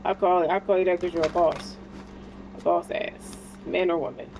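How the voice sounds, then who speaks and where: A woman's voice: on the low side, fairly even intonation, normal speed, background noise. Blunt, slangy woman reading tarot. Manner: blunt, slangy and encouraging, swears freely. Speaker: tarot card reader. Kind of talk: casual spiritual tarot reading.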